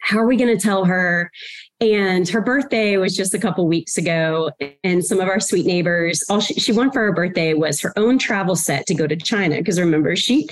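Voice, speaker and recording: A woman guest on a podcast, telling her story with lively quoted dialogue. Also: lowish voice, moderate pace. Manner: animated, emotional retelling with quoted dialogue. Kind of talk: storytelling in a casual interview.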